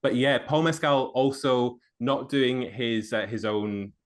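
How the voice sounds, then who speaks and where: A man's voice: medium pitch, slow pace. A man appearing as a podcast guest, chatting easily and sharing opinions with a chuckle. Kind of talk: casual chat.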